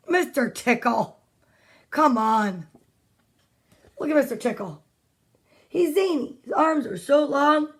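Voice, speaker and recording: A high, bright-toned woman reads a picture book aloud at home in an unhurried, drawn-out way. She is chatty and playful and keeps breaking off into little asides and whispers to her young listeners. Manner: chatty, playful, drifts into side comments and whispers. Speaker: children's story reader.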